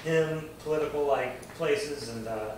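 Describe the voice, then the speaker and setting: A man in a casual comic book chat, quick to push back on the others, recorded in an echoey room. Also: on the high side, a little hiss or hum. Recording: echoey room, far from the mic.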